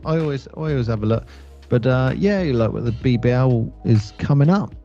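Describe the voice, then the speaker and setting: A man's voice: mid-range voice, expressive, a little fast, mellow, dull audio, faint music behind. A man co-hosting a casual podcast, teasing and bantering playfully. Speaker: podcast co-host. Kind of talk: casual chat.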